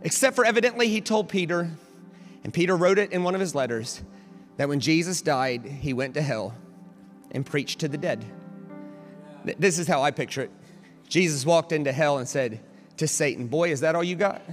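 A male pastor delivering a storytelling sermon, animated and dramatic, building to near shouts. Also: a little high, moderate pace, long pauses, big-room sound, faint music behind.

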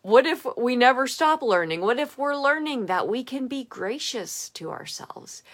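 A young adult woman giving an earnest, emphatic devotional reflection that speeds up and slows down. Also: on the high side, a bit bright. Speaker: devotional podcaster.

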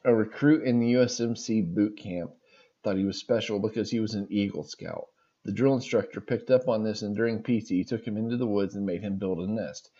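A man's voice: on the low side, steady tone, a little fast, warm tone, muffled recording. A man hosting a podcast, reading funny stories aloud and reacting with laughs between them.

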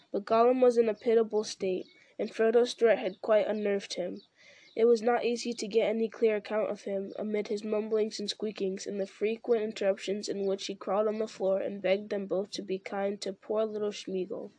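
A woman narrating a story in a measured, even audiobook reading. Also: mid-range voice, no echo. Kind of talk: scripted narration.

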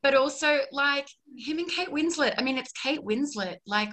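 A woman's voice: high-pitched, expressive, moderate pace, bright, forceful tone. A woman actor chatting on a podcast, enthusiastic and full of "like" and laughter, who says she practises an American accent. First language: not American, works on an American accent. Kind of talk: casual podcast chat.

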